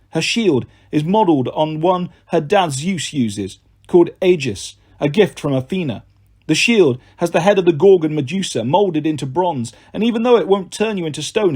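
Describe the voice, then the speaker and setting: A male audiobook narrator telling a first-person adventure with lively, expressive delivery. His voice sits a little high and carries a faint husky texture. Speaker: storyteller.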